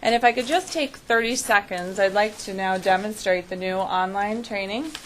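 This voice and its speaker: A woman's voice: mid-range voice, normal speed, fairly bright tone, slight background noise, low-quality recording. A woman who is an executive director, giving a businesslike report at a meeting and keeping her voice up so remote listeners can hear. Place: meeting room.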